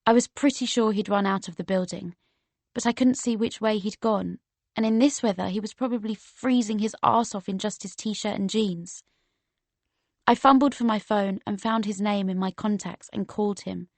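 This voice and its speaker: A woman reading a first-person novel aloud as an audiobook narrator, steady and measured. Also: medium pitch, dry recording.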